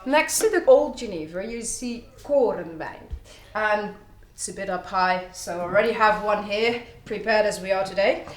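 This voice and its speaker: A woman's voice: mid-range voice, moderate pace, hardly any pauses. Woman guide in an echoey room. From Netherlands. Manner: chatty, storytelling, enthusiastic. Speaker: distillery guide. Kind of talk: explaining history to visitors. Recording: echoey room with faint background hum.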